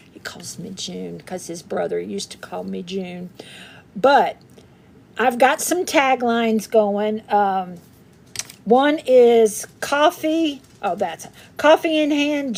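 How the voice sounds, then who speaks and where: A woman's voice: fairly high pitch, lively intonation, slow, vocal fry, a little mellow, slight background noise. A woman hosting a craft livestream in casual, rambling chat, greeting viewers by name and laughing often.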